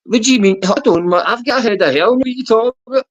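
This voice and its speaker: A man's voice: very high-pitched, fast talker. Swearing man on a livestream. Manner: profane, teasing, boisterous. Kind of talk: casual livestream banter. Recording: dull lo-fi stream audio.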